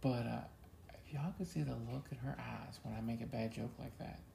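A man's voice: mid-range voice, steady tone, a little fast, creaky, warm tone. A man co-hosting a casual chat, joking and teasing as he talks. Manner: joking, teasing, Southern "y'all". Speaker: podcast co-host. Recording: echoey room with faint noise.

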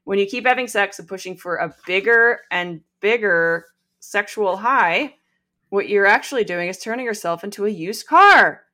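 A woman's voice: mid-range voice, animated, moderate pace, bright, forceful tone. A woman hosting a podcast, reading aloud from a book with wry asides and frequent laughs. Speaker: podcast host.

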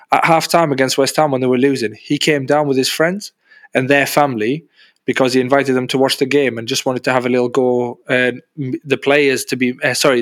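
A man's voice: mid-range voice, dry recording. Guy on a football podcast, bit nasal, keeps saying bro, dead dry mic. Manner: animated, says "bro" often. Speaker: podcast co-host. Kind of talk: casual sports chat.

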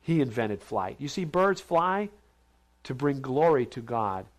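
A man's voice: medium pitch, big pitch swings, unhurried. A man teaching a Bible lesson in a conversational, questioning way. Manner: conversational, asks questions, acts out others' voices. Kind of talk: informal sermon to a group. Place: large steel building.

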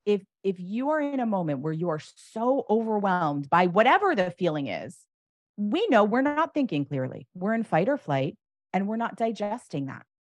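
A woman's voice: mid-range voice, very animated, moderate pace, dry recording. A woman coaching parents, talking animatedly and acting out example phrases with emphasis. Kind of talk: advice conversation.

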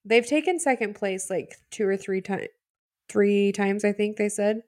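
A woman's voice: mid-range voice, darkish tone, no echo, studio quality. A woman co-hosting a podcast, chatting casually and adding her own take on the episode. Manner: chatty, quick to agree and add her take. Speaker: podcast co-host. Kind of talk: casual chat recapping a reality show.

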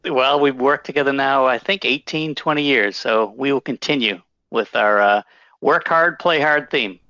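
Bright, upbeat man co-hosting. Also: mid-range voice, moderate pace, dry recording. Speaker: podcast co-host. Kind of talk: casual storytelling chat. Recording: dull dry lo-fi recording.

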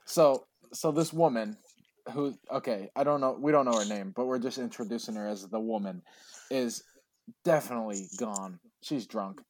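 A man's voice: medium pitch, moderate pace, a little mellow. A man retelling a story in casual chat, rambling and saying "like" a lot. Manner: rambling, heavy use of "like".

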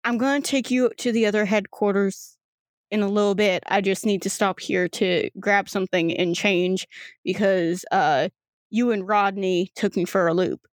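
A woman's voice: medium pitch, steady tone, moderate pace, no echo, studio quality, close to an everyday voice. A woman voicing a worn-out, protective professor father who speaks hesitantly, in a tabletop role-play game. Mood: hurried.

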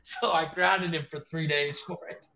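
A man hosting a casual podcast chat, an animated storyteller who laughs between his lines. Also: on the high side, normal speed, gravelly, slight background noise. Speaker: podcast host.

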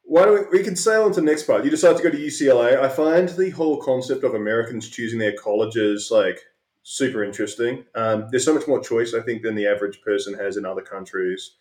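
A man's voice: mid-range voice, quick pace, a little mellow. A man hosts a casual interview podcast. He drifts through a long story with plenty of fillers and restarts. His voice carries a noticeable room echo. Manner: rambling anecdotes with many fillers. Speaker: podcast host. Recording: roomy echo.

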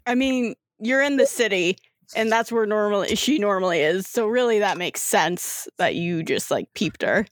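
A woman's voice: medium pitch, lively intonation, moderate pace, dry recording, clean studio sound. A woman running a tabletop game as game master, teasing and blunt with her players. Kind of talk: narrating a tabletop game over voice chat.

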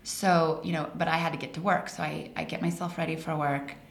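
A woman in her forties from Colorado tells personal stories in a casual, animated way. Her voice is lowish with plenty of gravel. The room is echoey with a faint hiss behind. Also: brisk. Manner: animated, laughs through stories. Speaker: guest. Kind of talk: casual storytelling interview. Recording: roomy echo, faint hiss.

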